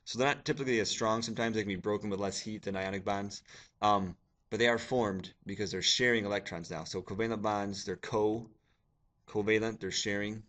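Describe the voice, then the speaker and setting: A man with a very low voice records a lecture for his class while clicking through slides. He talks casually and jokes a little as he explains the material to his students. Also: fairly even intonation, a little fast, a bit bright. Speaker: science teacher.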